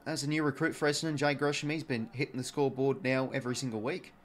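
Here an Australian man, medium in pitch and talking fast, is hosting a live football watch-along. He chats freely, reading out messages from viewers while casually calling the game, and he gets excited on goals.

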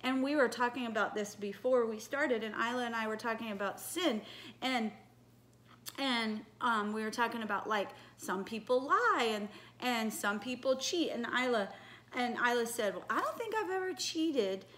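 A woman leading a children's church message, telling a Bible story in an animated way and coaxing the children with questions. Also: a little high, normal speed. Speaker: children's ministry leader.

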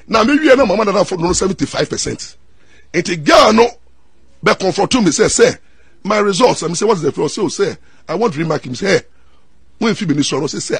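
A middle-aged Ghanaian man and lawyer, telling stories in an excitable way, mixing Twi and English and repeating his words. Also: on the high side, breathy edge, dry recording. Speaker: lawyer and commentator. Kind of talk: animated storytelling talk.

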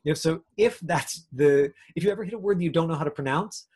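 A man's voice: on the high side, fast, a little mellow, slightly rough. A man teaching an acting class over a video call, in a chatty way with lots of fillers. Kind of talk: casual online class talk.

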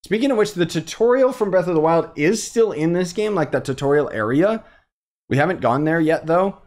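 A man's voice: a little high, expressive, fairly quick, darkish tone. A young man giving rambling let's-play commentary as he plays a video game. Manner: chatty, rambling with fillers. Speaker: gaming streamer.

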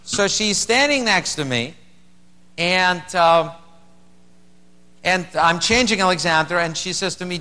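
A middle-aged man with a Russian accent telling a stand-up story, halting and restarting as he acts out quotes. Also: high-pitched, expressive, sharp tone. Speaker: stand-up comedian. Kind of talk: stand-up comedy routine. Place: theater stage. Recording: live venue with long reverb, faint hum. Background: audience laughter.

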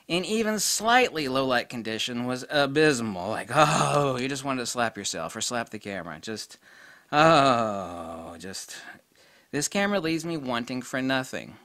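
A middle-aged man giving a casual spoken camera review, blunt and excitable, with mild swearing. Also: mid-range voice, smooth, no echo.

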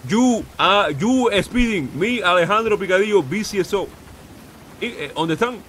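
A man's voice: high-pitched, brisk, fairly bright tone, slight background noise. A man voicing a boastful immigrant police officer who speaks broken English and drops in Spanish words, in a role-play game. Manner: heavy put-on accent, slips into Spanish words.

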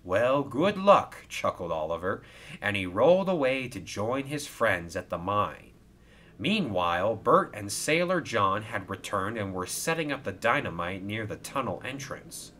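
A man narrating a toy-train storybook with slow, expressive storytelling. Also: lowish voice.

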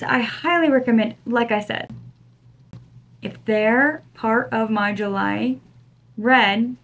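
A young woman chatting casually as she unboxes gifts, gushing and excitable. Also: a little high. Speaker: book vlogger.

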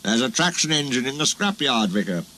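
A man's voice: mid-range voice, very animated, fairly quick, pushed and bright, slight background noise, rough recording. A man voicing a plain-spoken male engine driver reporting sad news. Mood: concerned. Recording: music playing behind.

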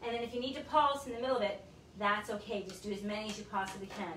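In a hot home garage without air conditioning, a winded fitness instructor counts out reps and urges her viewers on through bodyweight exercises. She talks fast in a mid-range, slightly bright voice. Captured from a distance in the echoey space, the audio carries a little hiss or hum.

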